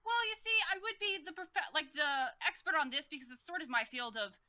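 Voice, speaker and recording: A woman's voice: sits high, very animated, a little fast, pushed and bright, no echo, pitched above the performer's own voice, exaggerated voice. A woman playing a flustered, swearing goddess in disguise. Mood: smug, rushed. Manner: blurts things out, then swears in a panic. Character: flustered young woman, hiding being a goddess.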